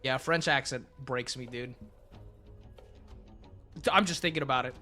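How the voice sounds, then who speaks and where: A man's voice: medium pitch, measured pace, pushed and bright, soft background music. A young man streaming live, chatting casually with his chat in a blunt, crude, rambling way.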